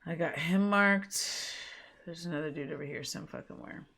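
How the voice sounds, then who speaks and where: A woman's voice: deep voice, moderate pace, creaky, a bit bright. A woman streaming a video game, giving casual, profane commentary with a lot of laughter.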